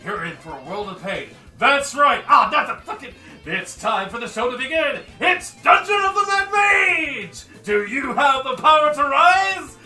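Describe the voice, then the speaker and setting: A man voicing a giant, furious metal scorpion construct that shouts threats in a high, loud voice. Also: expressive, measured pace, few pauses, exaggerated voice. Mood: menacing. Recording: roomy and distant, music behind.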